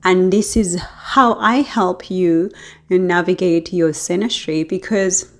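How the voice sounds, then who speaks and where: A woman's voice: fairly low pitch, fairly even intonation, takes it slowly. A woman astrologer talking casually to her viewers, chatty and often breaking into laughter between thoughts. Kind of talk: casual talk to camera.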